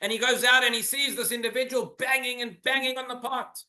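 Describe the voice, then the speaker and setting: Male rabbi, earnest sermon with rhetorical questions; high, bright voice; roomy synagogue echo. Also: steady tone, a little fast.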